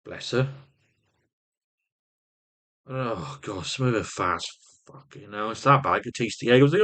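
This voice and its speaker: Guy rambling and swearing thru a story, lively up and down voice, bright tone. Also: lowish voice, measured pace, long pauses. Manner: swears constantly, rambling with restarts. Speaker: vlogger.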